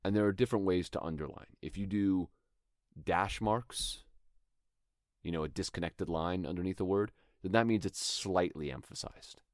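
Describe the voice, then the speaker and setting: A man with a very low, deep voice talks through acting technique in a relaxed, thoughtful way. He sounds like a podcast host teaching his listeners, and now and then he reads a line aloud as an example. The sound is dry and close, with no room around it. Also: moderate pace, no echo. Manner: thoughtful, conversational, demonstrates lines aloud. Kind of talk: instructional talk.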